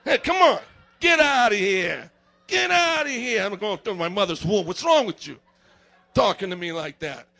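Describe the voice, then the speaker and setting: A preacher doing a brash, sarcastic Nicodemus. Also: male voice, high-pitched, animated, moderate pace, gravelly, heavily acted. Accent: put-on Italian-American. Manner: mocking, loud, exasperated.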